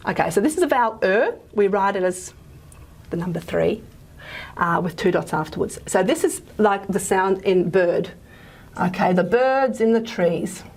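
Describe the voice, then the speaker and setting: A woman's voice: medium pitch, animated, moderate pace. A woman with an Australian accent giving a recorded phonetics lecture, chatty and informal, with frequent fillers and self-corrections. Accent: Australian English.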